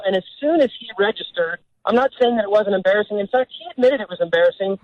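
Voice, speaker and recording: A man's voice: high voice, fast, dry recording, dull audio. A man calling into a radio talk show, arguing his point earnestly and stumbling through restarts. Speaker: caller. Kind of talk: radio call-in.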